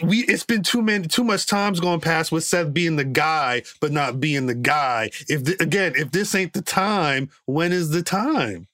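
A young man co-hosting a casual talk show, pushing his points hard and stumbling over repeated words. His voice is somewhat high for a man. The recording is close and dry. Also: bright, forceful tone, no room sound. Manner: emphatic, stammering repeats when building a point. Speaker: co-host. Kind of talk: casual wrestling talk chat.

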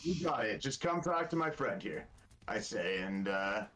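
A man's voice: fairly low pitch, lively intonation, moderate pace, crowd noise, low-quality recording. A man taking part as a player in a tabletop game, speaking hesitantly with many fillers. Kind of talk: in-character tabletop play.

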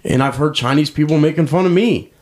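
A man's voice: a little high, a little fast, darkish tone, slight background noise. A man co-hosting a crude, casual podcast, a brash, swearing storyteller who laughs a lot. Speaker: podcast co-host.

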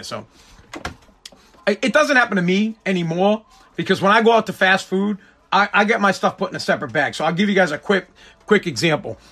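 A man's voice: high-pitched, bright, forceful tone. A man hosting a casual podcast, ranting emphatically with lots of repetition. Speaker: podcast host.

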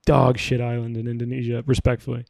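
A man's voice: mid-range voice, completely flat delivery, fast talker, vocal fry, darkish tone, no room sound. A man guesting on a podcast, telling rambling stories in casual chat and laughing at his own jokes.

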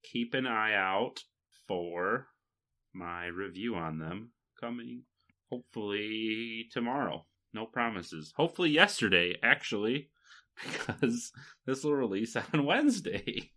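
Co-hosting a podcast, this man from Michigan, USA keeps the chat casual and rambling, full of fillers and laughs. He sits on the low side, with lively intonation, an unhurried pace and a sharp tone.

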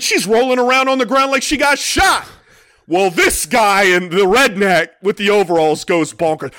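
A middle-aged man with a high, lively voice tells a story on a podcast, excitable and profane. He slips into the shouting parents he is mocking. His tone is bright and the room is dry. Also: normal speed, no echo. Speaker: podcast co-host and youth soccer parent. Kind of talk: animated storytelling chat.

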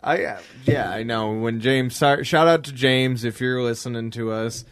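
A young man talking loosely on a podcast, full of fillers and casual swearing. His voice sits at an ordinary pitch and is recorded close and dry, with no room around it. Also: moderate pace, smooth, no echo. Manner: laid-back, swearing, laughing, rambling with fillers. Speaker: podcast co-host. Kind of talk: casual chat.

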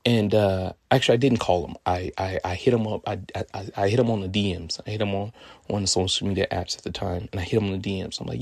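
A man from California in his twenties, telling a personal story in a profane, animated way. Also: fairly low pitch, quick pace, vocal fry, breathy edge, dry recording, studio quality.

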